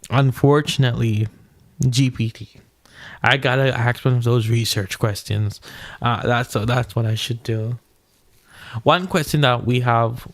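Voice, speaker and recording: Smooth-voiced young man, rambling casual reader. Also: mid-range voice, dry recording, clean studio sound. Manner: rambling, restarts often, slangy asides. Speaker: solo reader commenting on a philosophy paper. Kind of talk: casual late-night read-aloud with commentary.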